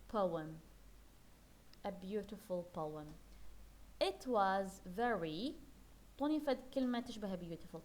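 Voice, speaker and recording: This female teacher has a fairly high voice with a darkish tone. She leads a classroom English lesson in a blend of Arabic and English, going over vocabulary patiently, saying words again, and making sure the students follow.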